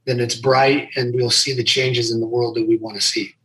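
A man's voice: medium pitch, moderate pace, poor audio. A middle-aged man, a former fighter, chatting casually as a podcast guest, often restarting his sentences. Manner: relaxed, rambling with repeated restarts. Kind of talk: casual chat.

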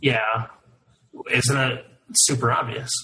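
A man co-hosting a casual sports podcast, throwing in quick jokes and quips. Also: medium pitch, level tone, sharp tone, low-quality recording. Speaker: podcast co-host.

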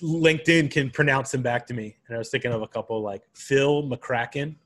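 A man's voice: mid-range voice, brisk, fairly bright tone. Easygoing podcast guy, dry jokes, lots of ums and likes. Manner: laid-back, dry humor, hesitant fillers. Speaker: podcast co-host. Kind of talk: casual podcast banter.

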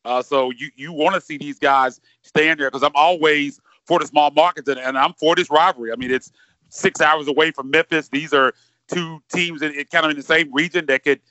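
A man talks basketball on a podcast, his voice bright and a little high. He rambles, doubling back on words as he works through a thought. The recording is dry and slightly dull. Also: steady tone, a little fast, dry recording. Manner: rambling, repeats words while thinking. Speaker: podcast co-host. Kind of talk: casual sports podcast chat.

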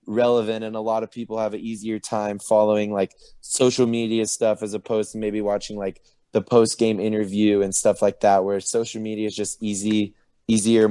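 Young guest, relaxed, mellow and dry, lots of "like" fillers, on a video call. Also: male voice, fairly low pitch, smooth, no echo. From Oceanside, California. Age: 20s. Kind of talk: casual interview.

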